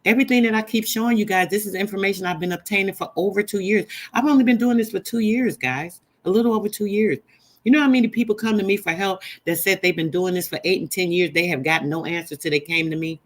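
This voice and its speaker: A woman's voice: medium pitch, fast talker. Emphatic woman preaching to her live chat. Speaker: livestream host. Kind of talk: live-stream teaching chat.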